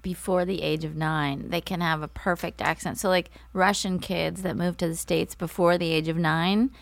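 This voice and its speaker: A woman chatting casually as a guest, her voice carrying a gravelly fry. She talks in a playful, teasing manner, and the sound is close and dry with no room echo. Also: on the low side, steady tone. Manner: playful, teasing, quick to laugh. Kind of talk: casual chat.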